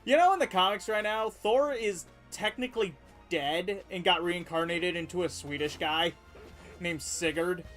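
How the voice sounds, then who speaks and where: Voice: mid-range voice, normal speed, fairly bright tone, soft background music. A game streamer chatting casually while playing, rambling and laughing, often cutting off mid-word. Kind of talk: casual gameplay chat.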